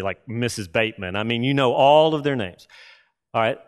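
A man preaching a sermon to a live audience, emphatic, asking rhetorical questions and slowing down for emphasis. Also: medium pitch, animated, smooth.

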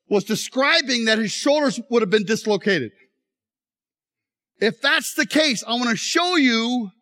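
Preacher, middle-aged man, lively swooping delivery, acts out voices in his stories. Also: very high voice. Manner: animated storytelling, acts out voices. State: injured leg, straining. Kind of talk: sermon with live demonstration.

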